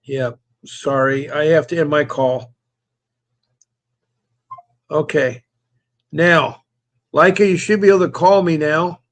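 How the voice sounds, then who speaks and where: A man's voice: on the high side, fairly even intonation, slow pace, pauses often. A man hosting a live call-in stream, reading out viewer comments and greeting them by name, chatty and given to repeating himself. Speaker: host of a call-in livestream.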